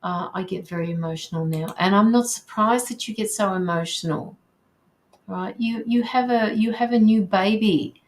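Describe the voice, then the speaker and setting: A woman's voice: mid-range voice, normal speed. A woman hosting a live tarot reading, reading viewer comments aloud and reassuring the sitter, with frequent ums and restarts. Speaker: tarot reader hosting a livestream.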